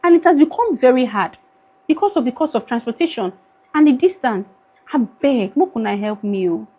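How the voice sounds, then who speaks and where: In an emotional vlog shot on her phone camera, a young Nigerian woman pleads wearily, now and then slipping into Pidgin. Her high voice is animated and warm, carries a Nigerian accent, and moves at a moderate pace.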